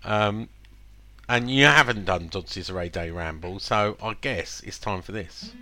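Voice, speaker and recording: A man co-hosting a casual chat, teasing his partner with quick banter. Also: lowish voice. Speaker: co-host. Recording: audible background noise.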